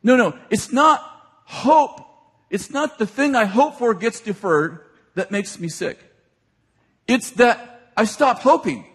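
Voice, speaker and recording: A man preaching a sermon. He retells scripture in everyday speech and builds to shouted, excited appeals. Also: very high-pitched, slow pace, breathy edge. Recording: long hall reverb.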